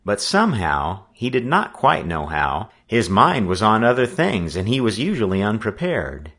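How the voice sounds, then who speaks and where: Audiobook narrator, man, very deep and lively in pitch. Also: normal speed, husky. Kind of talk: scripted narration.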